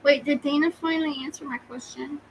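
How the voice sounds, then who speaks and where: A woman's voice: high-pitched, fairly even intonation, fairly quick, a little hiss or hum, poor audio. A woman from Oklahoma co-hosting a casual live podcast, teasing and laughing often. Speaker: podcast co-host.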